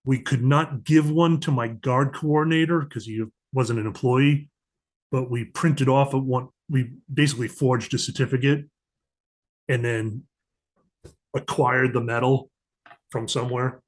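Man telling war stories, animated. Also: mid-range voice, measured pace. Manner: animated storyteller, acts out quoted dialogue. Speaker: podcast guest, diplomatic security agent. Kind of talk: casual storytelling interview.

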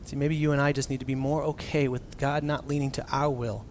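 A man preaching a casual, animated sermon as a pastor, swinging from loud emphasis down to near-whispers and acting out quotes. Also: medium pitch, fairly quick, a little hiss or hum.

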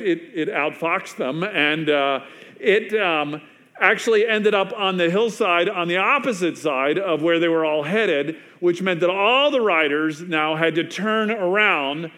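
A man preaching a sermon who tells it like a story, chatty and unpolished, with plenty of ums and restarts. His voice sits a bit higher than most men's, and he sinks to a hushed near-murmur when he wants a line to land. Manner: conversational storytelling with frequent fillers and restarts; drops to a hushed, quieter voice for emphasis. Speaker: pastor.

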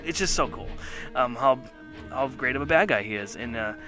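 A man's voice: mid-range voice, animated, moderate pace, over music. A man co-hosting a casual chat show, talking enthusiastically and rambling with many fillers. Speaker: podcast co-host.

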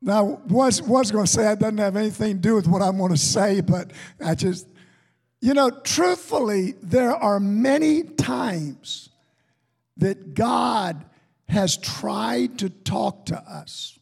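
A high-pitched man preaching from the pulpit, his words unhurried and drawn out. His voice is husky and gravelly, carrying a long echo through the church hall. He moves between folksy storytelling and fervent exhortation. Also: lively intonation, a little mellow. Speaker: pastor. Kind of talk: sermon with storytelling. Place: church sanctuary.

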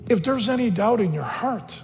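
A man preaching a sermon as a pastor, earnest and pressing, climbing higher and louder on the points he stresses. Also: animated, moderate pace. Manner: earnest, rising in pitch and force for emphasis. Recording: long hall reverb, faint music.

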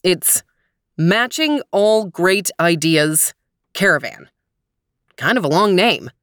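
A woman voicing an upbeat, persuasive father in a storybook, in a fairly low, close voice. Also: expressive, slow pace, fairly bright tone, dry recording. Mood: playful. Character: cheerful scheming dad full of big ideas.

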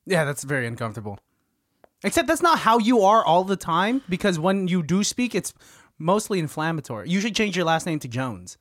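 A man's voice: high voice, sing-song, a little fast, a bit bright, no room sound, clean studio sound. A man co-hosting a podcast, teasing his friends and laughing easily in casual banter. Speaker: podcast co-host.

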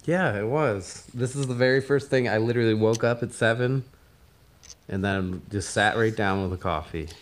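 Low-voiced man in morning voice. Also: normal speed. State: just woken, morning voice. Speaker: guest. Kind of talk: casual chat.

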